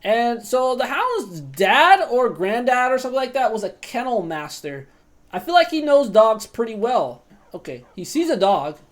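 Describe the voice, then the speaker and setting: A woman's voice: on the high side, sing-song, normal speed. A woman streamer giving casual, profane commentary while roleplaying a video game. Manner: chatty, swears freely.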